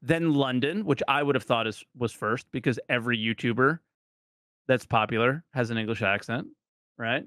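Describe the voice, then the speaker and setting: A man's voice: mid-range voice, moderate pace, a bit bright, no room sound, studio quality. A man from New Jersey, a streamer guest on a podcast, chatting casually in a rambling, self-deprecating way.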